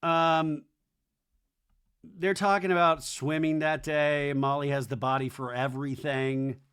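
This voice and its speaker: A man hosting a podcast, recapping a reality TV episode with sarcastic, animated commentary and putting on voices for quotes. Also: fairly high pitch, a little slow, clear, resonant tone. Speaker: podcast host. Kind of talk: comedic TV recap.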